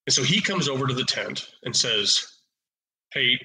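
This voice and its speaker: A man in his forties from Oregon, a podcast guest and retired officer, telling lively anecdotes in a casual, blunt, salty way. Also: medium pitch, normal speed, reverberant, low-quality recording. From Oregon, USA. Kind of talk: casual storytelling.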